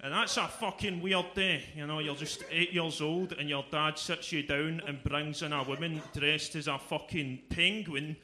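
A young man with a Glaswegian accent performing a stand-up comedy set, delivering jokes in a dry, deadpan manner. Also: a little high, normal speed, few pauses, background noise. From Scotland. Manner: deadpan delivery, breaks into loud exaggerated shouting for punchlines.

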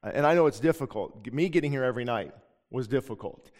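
A man's voice: mid-range voice, expressive, fast talker, a little mellow. A man preaching as a pastor, earnest and emphatic, often restarting his sentences. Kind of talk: sermon. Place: church sanctuary. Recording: long reverb of a church hall.

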